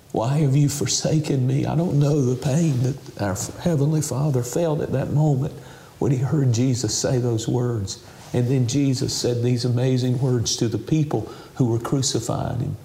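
A man ministering on television, talking with deep emotion and tears, preaching and leading a slow prayer. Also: warm tone, reverberant. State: crying. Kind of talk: televangelist interview and altar call. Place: house.

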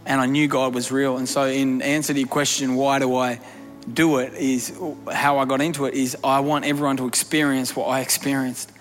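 A man preaching a story-driven sermon in a large church hall, emphatic, shifting between quiet and loud. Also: medium pitch, little pitch movement, a little fast. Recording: long hall reverb with faint music.

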